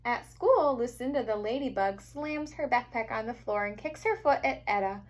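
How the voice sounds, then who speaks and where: A teacher reading a picture book aloud to young children, gentle and expressive. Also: female voice, on the high side, normal speed. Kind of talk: storybook read-aloud for children.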